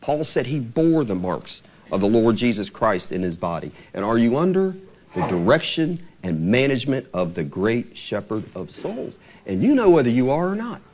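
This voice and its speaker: A man preaching a sermon in a church, earnest, slowing down to quote scripture and lifting his voice for emphasis. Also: big pitch swings, darkish tone. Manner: earnest, rises and falls in pitch for emphasis, slows to quote scripture.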